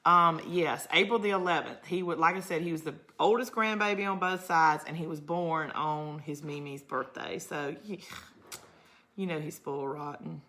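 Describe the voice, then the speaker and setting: A woman's voice: sits low, normal speed, sharp tone. A middle-aged woman with a Georgia Southern accent, hosting a crafting livestream in casual chat, rambling through family stories and laughing often. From Georgia, USA. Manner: chatty, rambling storyteller who laughs often. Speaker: crafting channel host. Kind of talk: casual livestream chat, reading viewer comments.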